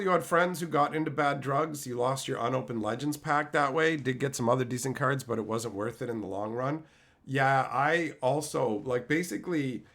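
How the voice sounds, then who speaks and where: A man in his thirties chatting casually on a live stream, telling stories and shouting out loud quotes. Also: medium pitch. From Canada. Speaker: streamer opening card packs.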